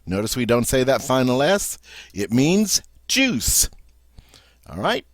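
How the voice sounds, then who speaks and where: Brief: male teacher, dry close recording, lively pitch, slow drill-style delivery. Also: no echo. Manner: repeats each French word three times, slow and deliberate. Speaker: French teacher. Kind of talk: vocabulary lesson with repeat-after-me drills.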